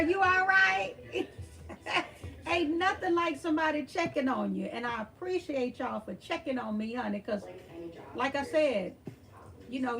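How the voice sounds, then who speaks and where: Texas country woman hosting a live stream, bright high voice, chatty and folksy with the chat. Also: gravelly. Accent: Southeast Texas. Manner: warm, folksy, reads and answers the chat, calls people honey and girl.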